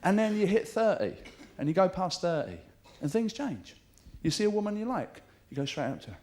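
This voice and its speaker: A man's voice: high-pitched, sing-song, brisk, a little mellow. A middle-aged man doing live stand-up, chatty and swearing, mimicking voices for jokes, with audience laughter behind him. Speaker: stand-up comedian. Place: comedy club stage.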